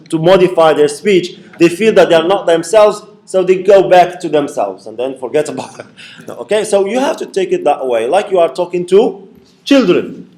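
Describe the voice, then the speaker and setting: Man lecturing a class, slightly high voice. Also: darkish tone. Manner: explains by repeating points, checks in with "okay?". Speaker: university lecturer.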